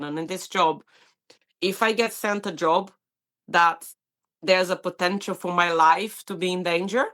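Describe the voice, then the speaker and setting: A woman working as a paramedic, telling stories in a podcast interview with lots of restarts and fillers. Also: fairly low pitch. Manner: animated, many restarts and fillers.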